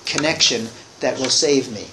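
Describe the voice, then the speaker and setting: A man's voice: mid-range voice, moderate pace, echoey room, background noise. A man speaking informally to a group at a recovery meeting in a room, rambling and restarting his sentences with wry humor.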